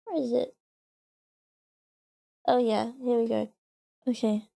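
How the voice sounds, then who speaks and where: A woman's voice: on the high side, fairly even intonation, takes it slowly, gravelly, dark tone. A woman streamer reading a historical text aloud on a livestream, earnest with small stumbles between chatty reactions.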